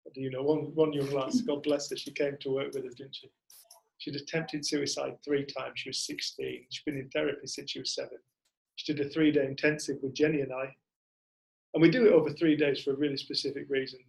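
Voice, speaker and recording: A man's voice: mid-range voice, little pitch movement, fairly quick, gravelly, a little mellow, low-quality recording. A man, leading a community group in casual storytelling talk and animatedly acting out what other people say. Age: 40s.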